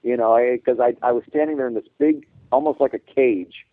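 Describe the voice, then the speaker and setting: A man's voice: mid-range voice, a little fast, no echo, phone-quality sound. A man co-hosting a podcast, recounting a story in casual chat, often stumbling and repeating his words. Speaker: podcast co-host.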